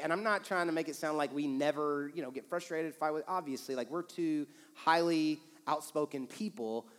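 A man preaching to a congregation, casual and animated, acting out quoted lines as he talks. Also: fairly high pitch. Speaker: pastor. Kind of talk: sermon with couple's banter. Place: church auditorium. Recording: long reverb of a church hall.

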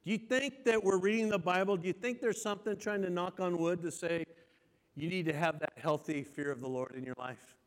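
A man with a high voice preaches to his congregation. He reads each verse slowly and with weight, then says it again in his own words. His voice rings out through a church hall with a long reverb. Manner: reads scripture slowly with strong emphasis, then restates it. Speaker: pastor. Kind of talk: sermon.

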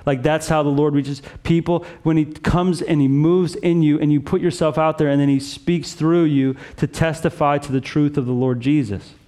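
A man's voice: a little high, fairly even intonation, normal speed, few pauses, dark tone. A man preaching a sermon as pastor, earnest and conversational, with frequent "like" and "right?" asides.

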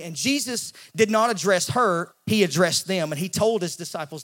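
A male pastor, preaching a sermon in an animated way and acting out the voices in the story. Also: sits high, a little fast, few pauses. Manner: animated, acts out quoted voices, repeats words when he restarts.

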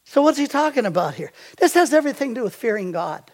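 A man's voice: extremely high pitch, big pitch swings, quick pace. An older man preaching a sermon as a pastor. He tells stories and quizzes the congregation with fill-in-the-blank questions.

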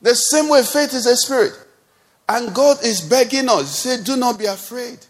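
High-voiced Nigerian pastor preaching. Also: male voice, normal speed. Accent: Nigerian English. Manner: preaching with rising exhortation, repeated refrains. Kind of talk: sermon. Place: church service.

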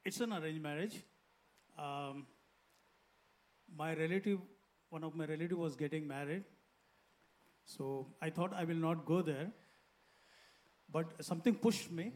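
A man's voice: a little high, unhurried, pauses often, a little mellow. Earnest Indian-accented male guest pastor. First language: not English. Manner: simple, earnest storytelling. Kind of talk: personal testimony in an interview. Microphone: handheld microphone.

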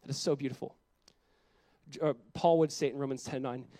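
A man's voice: fairly high pitch, fairly even intonation, moderate pace, dark tone, no room sound, rough recording. Earnest man preaching a sermon. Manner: earnest, conversational preaching with rising intensity. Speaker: pastor.

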